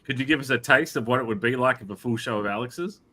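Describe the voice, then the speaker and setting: Bright-toned joking Australian host. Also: male voice, mid-range voice, quick pace, a little hiss or hum, low-quality recording. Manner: jokey, teasing, playful. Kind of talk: casual online show chat.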